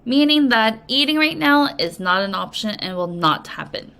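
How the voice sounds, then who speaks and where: A woman English teacher giving a recorded reading lesson, explaining slowly and patiently to young students. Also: fairly high pitch, lively intonation, creaky, sharp tone. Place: language academy.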